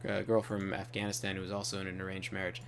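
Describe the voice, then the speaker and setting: A man's voice: sits low, monotone, fast talker, gravelly, a little hiss or hum. A man hosting a gaming channel, telling rambling, offhand stories while he plays. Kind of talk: casual gaming commentary.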